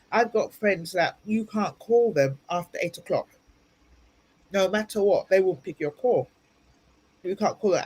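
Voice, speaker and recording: A woman's voice: mid-range voice, slightly rough. A woman guest speaker giving earnest motivational advice in an interview, repeating points for emphasis, recorded over a video call. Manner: earnest, advising, repetitive for emphasis. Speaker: guest speaker and ministry leader.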